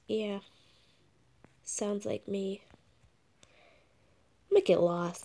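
A woman's voice: medium pitch, fairly even intonation, drawn-out words, creaky, mellow. A young woman casually narrating her gameplay, rambling and a little awkward, often dropping to a whisper. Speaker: game vlogger. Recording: noisy home recording.

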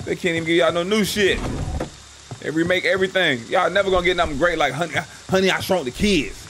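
A man's voice: high voice, fast talker, background noise. A man hosting a live gaming stream, ranting and trash-talking his viewers in a profane, casual way over game music. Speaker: gaming livestream host.

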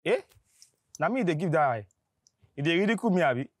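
A man with a Nigerian accent playing a self-important security guard in a comedy skit, loud and repeating commands. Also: fairly high pitch, sing-song, quick pace, husky, no echo, clean studio sound. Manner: loud, pompous, repeats himself, shouting commands.

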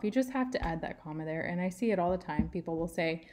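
A woman's voice: lowish voice, fairly quick, hardly any pauses, darkish tone. A woman teaching writing in a tutorial, patient and step by step, leaning on key words for emphasis. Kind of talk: screen-share writing tutorial.

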